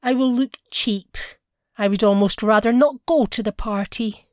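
A woman's voice: a little high, unhurried, a little mellow, no room sound, studio quality, close to an everyday voice. Woman voicing a plaintive, discontented young wife.

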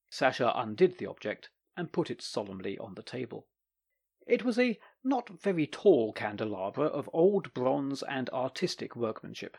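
A man narrating short stories for an audiobook with expressive, lively delivery. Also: mid-range voice, normal speed, gravelly, husky.

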